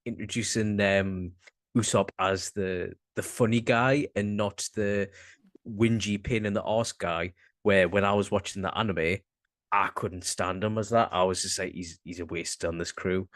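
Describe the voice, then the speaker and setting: Low-voiced Northern English man, halting chat. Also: steady tone, a bit bright, dry recording. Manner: rambling, halting, swears casually. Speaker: podcast co-host. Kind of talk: casual chat.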